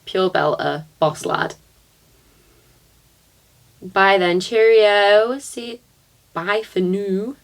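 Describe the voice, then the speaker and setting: Young woman, casual vlog chat, slow and easygoing, thinking aloud. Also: medium pitch, creaky. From northwest England, near Liverpool. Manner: chatty, thinking aloud, quick laughs. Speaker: vlogger. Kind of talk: casual chat, reading quiz questions aloud.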